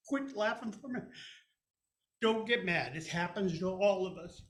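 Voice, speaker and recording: A man in his seventies telling a childhood story live to an audience, animated and folksy. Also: high voice, a little slow. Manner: animated, folksy, plays many voices. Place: storytelling event hall. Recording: echoey room.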